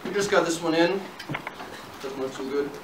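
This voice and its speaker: A man's voice: fairly high pitch, normal speed, close to an everyday voice. A young man playing a stammering surgeon. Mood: earnest. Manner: stammering, repeats words. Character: bumbling, stammering male surgeon. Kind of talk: amateur stage skit. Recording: echoey hall, far mic, loud hiss.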